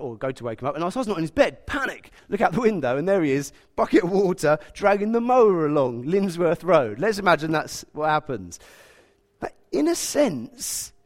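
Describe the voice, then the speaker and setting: A preacher in his thirties delivers a sermon with lively, swooping intonation. He tells personal stories with self-mocking humor, his voice sitting a little above average pitch. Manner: animated, humorous storytelling.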